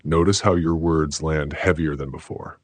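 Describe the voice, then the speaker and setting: A man giving scripted self-help narration in a slow, measured, declarative way. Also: very deep voice, fairly even intonation, no room sound.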